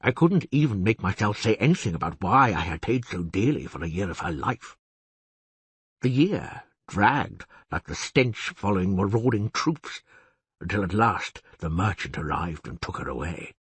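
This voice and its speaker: A man reading the part of a genial, boastful cursed beast-man with a husky voice, chatting wryly in an audiobook. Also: deep voice, sing-song, normal speed, no room sound, heavily acted. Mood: rueful. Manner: chatty, confiding, wry.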